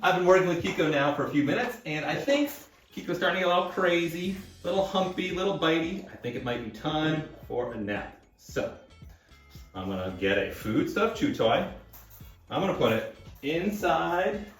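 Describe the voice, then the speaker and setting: Man trainer talking gently, off-mic. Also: on the high side, big pitch swings, moderate pace, echoey room, distant mic, faint music behind. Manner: soothing, soft talk to a puppy. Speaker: dog trainer. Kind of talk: casual on-camera demonstration.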